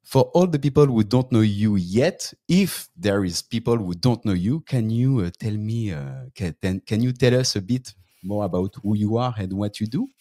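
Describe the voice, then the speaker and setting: A French-accented man hosts a podcast interview over a video call, his voice pitched on the low side. His English comes out eager but halting, with frequent hesitations. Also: expressive, warm tone. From France. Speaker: podcast host. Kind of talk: interview host.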